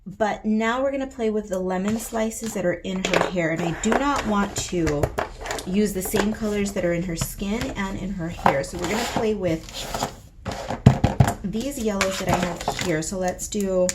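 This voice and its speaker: A woman's voice: mid-range voice, moderate pace, heavy background noise. A young woman chatting playfully and theatrically to her viewers while she colors. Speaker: coloring channel host. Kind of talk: casual chatty coloring vlog.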